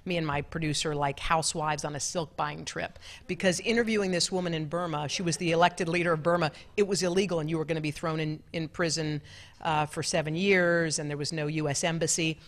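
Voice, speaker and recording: A middle-aged woman, a television co-anchor, telling stories to an event audience in a lively, laughing, chatty way. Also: sits low, brisk. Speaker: television co-anchor giving a talk. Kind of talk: storytelling talk with audience Q&A. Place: large club event room.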